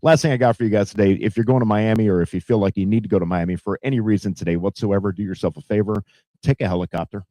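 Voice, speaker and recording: Low, dark-voiced rambling male host. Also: fairly even intonation, very fast, no echo. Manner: profane, rambling, heavy fillers. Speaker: podcast host. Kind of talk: casual news commentary.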